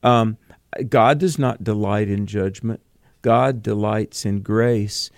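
A man co-hosting a Bible call-in radio show, talking earnestly and quickly with plenty of fillers. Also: lowish voice, creaky, dry recording, studio quality.

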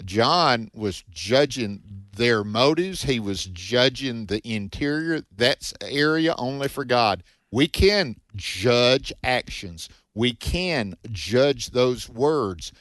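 A man with a Southern US accent hosting a call-in Bible radio show, homespun and halting, sometimes slow and deliberate. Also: mid-range voice, lively intonation, fairly bright tone, no echo, studio quality. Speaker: radio host.

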